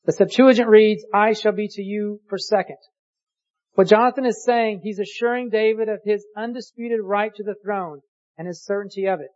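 A preacher giving a sermon, reading scripture aloud slowly and deliberately and posing rhetorical questions. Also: mid-range voice, fairly even intonation, a little mellow, dull audio.

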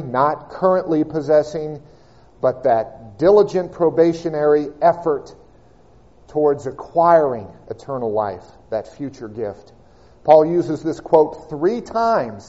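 A man preaching a sermon, reading and expounding scripture with measured, emphatic delivery and slowed key words. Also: fairly high pitch, dark tone, lo-fi sound.

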